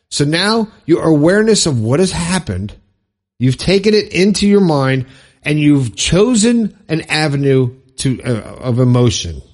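A man's voice: a little high, sing-song, unhurried. A man giving an earnest, rambling motivational talk to listeners, often repeating himself. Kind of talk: motivational monologue.

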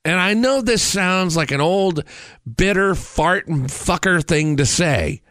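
Animated, ranting man in his forties. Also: high-pitched, takes it slowly, no echo, clean studio sound. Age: 40s. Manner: profane, ranting, animated storytelling. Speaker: host. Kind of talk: comedic rant.

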